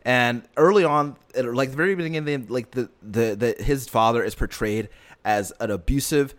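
A man's voice: medium pitch, fairly quick. A man in casual chat, retelling a story earnestly in a rambling way with lots of fillers and restarts. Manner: earnest and emotionally invested.

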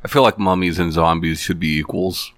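A man's voice: sits low, steady tone, brisk, a bit bright, no room sound. A man hosting a podcast, chatting casually and teasing his guests dryly. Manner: dry, teasing interjections. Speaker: podcast host. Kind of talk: casual chat.

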